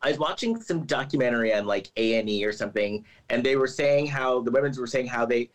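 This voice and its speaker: A man's voice: medium pitch, fast, rough recording. A man co-hosting a podcast, chatting casually and retelling scenes with lots of "like"s. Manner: chatty, animated storytelling with many "like"s. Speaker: podcast co-host. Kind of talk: casual chat.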